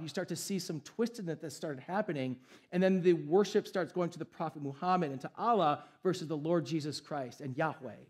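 A man's voice: on the high side, fairly quick, darkish tone, breathy edge. A young adult man, a pastor preaching a sermon in an emphatic, conversational way.

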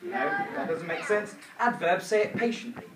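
A man's voice: high voice, very animated, moderate pace. A man teaching a primary school grammar lesson, drilling a repeated chant in call-and-response style. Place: school classroom. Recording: echoey room, far from the mic, noisy.

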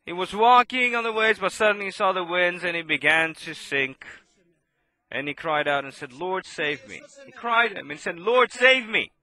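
A man preaching a sermon, impassioned and swinging between loud outbursts and hushed asides. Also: high voice, normal speed, dry recording.

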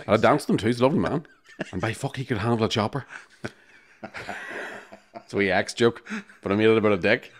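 A low-pitched man chats casually as a podcast co-host. He tells stories in a sweary, joking way and breaks into laughs often. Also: a little fast, pauses often. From Northern Ireland. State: jet lagged. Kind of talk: casual chat.

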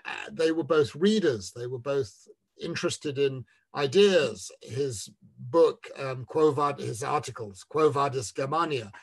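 A man talking about his book in an online discussion, measured and emphatic, leaning on words when he lists them. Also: mid-range voice, gravelly. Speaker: author in a book talk.

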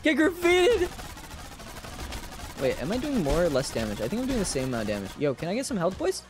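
Giggly, lively woman streamer. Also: low-pitched, very fast, music in the background. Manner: giggly, swears casually, reads game lines aloud. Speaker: game streamer. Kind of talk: casual live-stream commentary.

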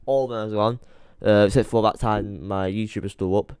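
Late at night and tired, a young YouTuber rambles, swears, and mutters to himself in a frustrated rant to camera while searching his computer. His lowish voice is a little fast and a little mellow. The sound is clean, studio quality, with no echo.

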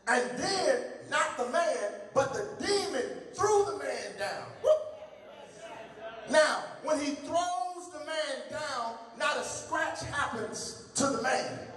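A man pastor delivering an impassioned call-and-response sermon in a church, building to shouts. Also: extremely high pitch. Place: church sanctuary. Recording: echoey hall from far off, congregation audible. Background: congregation.

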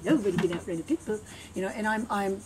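A woman's voice: mid-range voice, fast talker, crowd noise. A woman training her dog and talking casually, chatty and playful, with sing-song repeats. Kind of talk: casual training demo talk. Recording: noisy outdoor recording.

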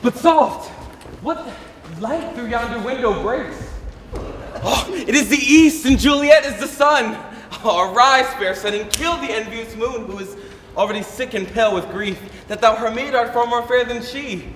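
A young man playing Romeo, ardent and dreamy, declaiming then dropping to hushed asides. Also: very high-pitched, moderate pace, a little hiss or hum. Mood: yearning. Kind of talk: live stage acting. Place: school building during a performance. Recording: echoey hall, distant camera.

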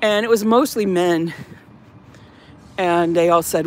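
A woman's voice: lowish voice, slow, pauses often, slight background noise. A woman with a slight Southern drawl, chatting casually while filming a walking vlog outdoors. She rambles and breaks into mock-officious announcements. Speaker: vlogger filming outside a church building. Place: outdoors, walking around grounds.

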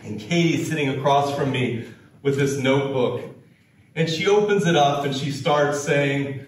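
An American-born man giving a storytelling talk as a keynote speaker, with slow, dramatic delivery and acted quotes. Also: mid-range voice, animated, heavy reverb, far from the mic, a little hiss or hum, low-quality recording. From United States.

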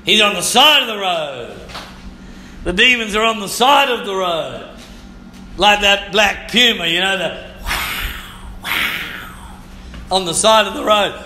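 Male pastor, slow fervent sermon, high bright voice, echoey room. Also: lively intonation, slight background noise. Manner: fervent preaching, repeats phrases, bursts into shouts and snatches of song.

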